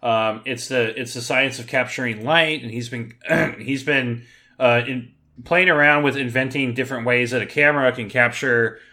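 A man co-hosting a podcast, recapping a TV episode in excitable, profane chat. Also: mid-range voice, normal speed. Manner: excitable, profane, bursts into loud mock reactions. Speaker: podcast co-host.

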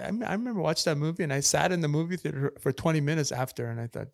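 A man's voice: a little high, animated, rapid-fire, creaky, few pauses, no room sound, studio quality. A man in a casual podcast chat, talking earnestly and repeating his key points like a preacher.

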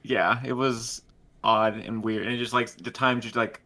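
Bright-voiced man, wry. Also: medium pitch, level tone, measured pace. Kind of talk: casual film discussion.

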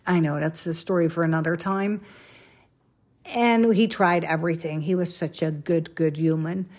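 A woman's voice: lowish voice, steady tone, moderate pace, darkish tone. Chatty, candid woman telling personal stories. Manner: chatty storyteller, candid, acts out quoted voices. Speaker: social media coach. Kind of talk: confessional casual chat.

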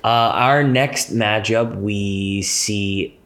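A man co-hosting a fantasy football podcast, making predictions in a relaxed, joking way with hesitant fillers. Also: fairly low pitch, very slow. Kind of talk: casual sports chat.

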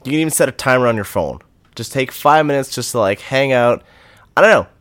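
A man's voice: mid-range voice, lively intonation, a little fast, fairly bright tone, no echo. A man co-hosting a casual podcast, laid-back and agreeable, with lots of fillers. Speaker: podcast co-host. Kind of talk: casual chat.

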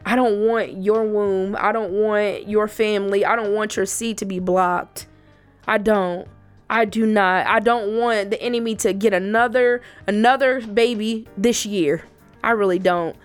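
An earnest woman shares a heartfelt faith testimony with other women. Her pitch sits in an ordinary middle range. She presses her points emphatically and repeats phrases to drive them home, with soft music playing faintly underneath. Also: steady tone, unhurried, smooth. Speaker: faith speaker addressing women.

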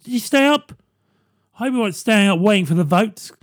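A man hosting a podcast, delivering a sardonic comedy monologue with quick asides to the listener. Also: high voice, expressive, no room sound, studio quality. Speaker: podcast host. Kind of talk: stand-up style comedy monologue.

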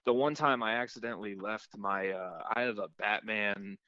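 A man co-hosting a podcast, telling an animated story in casual chat, swearing often and acting out the people he met. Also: on the low side, normal speed, no echo, highs cut off. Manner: animated storyteller, swears a lot, acts out voices. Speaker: podcast co-host.

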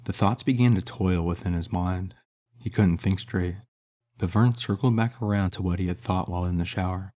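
A man narrating an audiobook in a measured, steady reading. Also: deep voice.

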